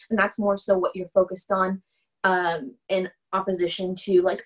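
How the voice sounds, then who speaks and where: A woman's voice: mid-range voice, normal speed, poor audio. Conversational woman giving a casual lecture. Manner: conversational, often checks in with "right?"; acts out example dialogue in animated voices. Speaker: instructor.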